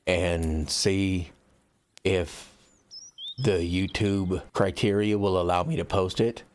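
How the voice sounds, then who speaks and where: An American man, an author, chatting bluntly and profanely to his viewers before reading from his own book. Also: low voice. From United States. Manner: blunt and profane, loose rambling delivery.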